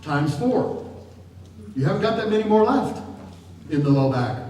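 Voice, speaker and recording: A man's voice: high-pitched, big pitch swings, moderate pace, a little mellow. A middle-aged man giving a chatty, jokey seminar talk to a live audience, often laughing as he speaks. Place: large room with an audience. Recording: distant, echoey hall with noise.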